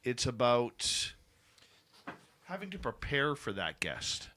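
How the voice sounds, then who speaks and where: A man's voice: medium pitch, big pitch swings, slow pace, sharp tone, slight background noise. A man hosting a late-night radio show, chatting casually and reading upbeat promos into a studio mic. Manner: informal, chatty, upbeat announcer delivery.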